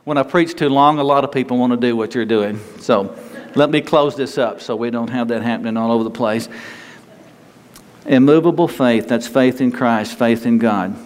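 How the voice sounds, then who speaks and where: A man preaching a sermon in a folksy, conversational way, acting out quotes of the people he talks about. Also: medium pitch. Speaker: pastor. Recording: long hall reverb, faint ambient noise.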